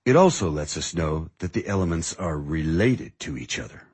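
A man voicing a patient, teasing music teacher in measured audiobook dialogue. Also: extremely low pitch, expressive, a little mellow, slightly rough, exaggerated voice. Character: calm, wry male music teacher. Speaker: music mentor.

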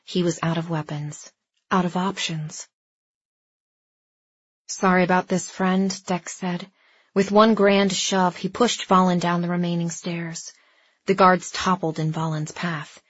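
A woman reads a story aloud with a steady, even narrator's delivery. Her voice sits a touch low and carries a husky grain. The recording is dry and close, with a slightly dull, lo-fi edge. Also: a little slow, no echo. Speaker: audiobook narrator. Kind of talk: scripted narration.

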